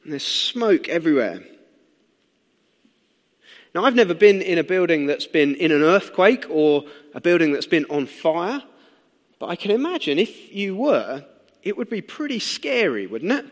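A young man preaching a sermon in a conversational, animated way, asking the listeners questions as he explains and tells stories. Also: on the high side, moderate pace. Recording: long hall reverb.

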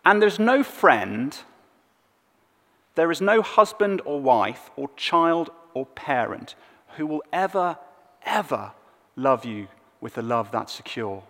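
Slow, animated preaching man in a big hall. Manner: dramatic swings between loud emphasis and hushed low lines. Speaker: pastor. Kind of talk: sermon.

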